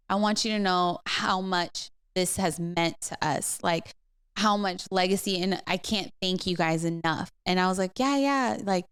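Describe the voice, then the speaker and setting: A woman's voice: mid-range voice, fairly bright tone, smooth, dry recording, studio quality. A middle-aged woman, a pastor co-hosting a podcast, telling a personal story in casual chat with many fillers and restarts. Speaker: co-host pastor.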